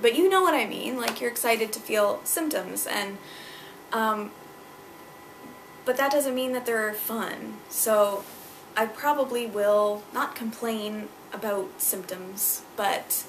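A woman's voice: medium pitch, gravelly, background noise. A young woman vlogging at home about her pregnancy, chatty and emotional, with lots of fillers, on a camera mounted on a tripod. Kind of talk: casual personal vlog. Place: at home indoors. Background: clock chiming Christmas carols.

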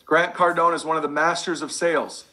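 A man giving an energetic sales training talk over slides, emphatic and repeating his key lines. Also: on the high side, a little fast.

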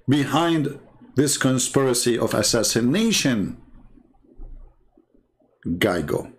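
A Middle Eastern man whose first language is Arabic speaks with an Arabic accent as he hosts a rambling, sarcastic livestream commentary; he's a channel host and religion critic. His voice sits on the low side with big pitch swings, a slow pace, creakiness, and frequent pauses.

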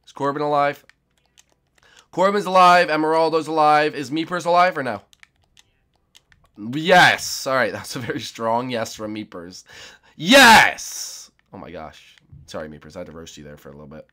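A young man giving let's play commentary on a game, excitable and often shouting and squealing. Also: mid-range voice, moderate pace. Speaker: gaming YouTuber.

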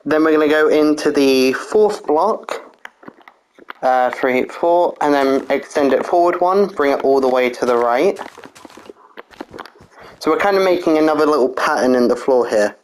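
A casual walkthrough narrator at a middle pitch, calmly explaining a block-by-block build. The voice counts pieces aloud and patiently fixes its own slips. A faint hiss sits under the recording. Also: moderate pace, poor audio. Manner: methodical step-by-step instructions, counting blocks aloud, frequent "uh"; apologetic, corrects own slips.

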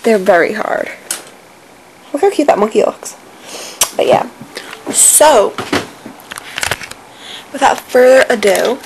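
A woman's voice: a little high, background noise. A young woman chatting casually on her home vlog, bubbly and full of "like" fillers. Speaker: vlogger.

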